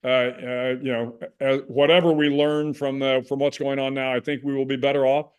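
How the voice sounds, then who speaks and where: Reflective older American man, measured. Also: mid-range voice, little pitch movement, clear, resonant tone. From United States. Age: 60s. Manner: measured and reflective, with frequent restarts. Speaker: guest. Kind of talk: conversational interview.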